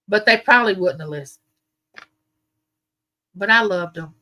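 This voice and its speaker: Speaking with a Southern US accent and a sharp, medium-pitched voice, this livestream host chats casually with her audience. She moves at a moderate pace but pauses often, spinning long, meandering stories.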